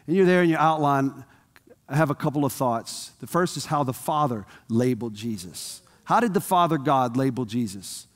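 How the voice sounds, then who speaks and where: A man's voice: medium pitch, animated, moderate pace. A man preaching a sermon in a conversational way, asking the congregation questions, recorded in a church. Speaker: pastor. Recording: long hall reverb.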